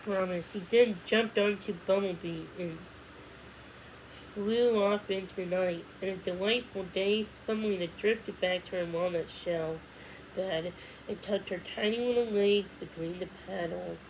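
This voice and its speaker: A woman reads a children's storybook aloud in a steady, gentle way, stumbling now and then and restarting a word. Her voice sits at a middling pitch, and a faint hiss lies beneath the reading. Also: unhurried, low-quality recording. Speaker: storybook reader. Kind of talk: read-aloud storybook narration.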